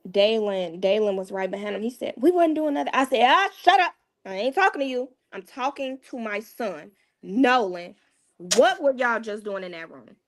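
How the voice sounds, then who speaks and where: Candid mother telling a hard story. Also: mid-range voice. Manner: candid, casual, often dropping to a hushed tone. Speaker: guest, mother. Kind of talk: emotional personal storytelling.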